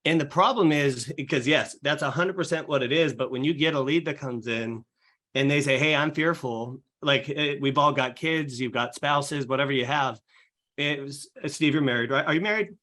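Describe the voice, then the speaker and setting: A man's voice: mid-range voice, moderate pace, a bit bright. A young man, a real estate agent guest on a podcast, explaining eagerly in casual talk with lots of fillers and acted-out client quotes. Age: young adult.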